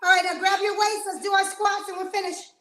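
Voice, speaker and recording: A woman's voice: very high-pitched, little pitch movement, a little fast, pushed and bright, roomy sound, a little hiss or hum. A woman fitness trainer, out of breath, energetically coaching a live workout, counting reps and calling out commands.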